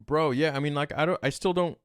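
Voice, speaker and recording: A podcast guest with a smooth, fairly high voice tells an animated story in a clean studio with no echo. He acts out quoted exchanges, jumping quickly between his own lines and other people's.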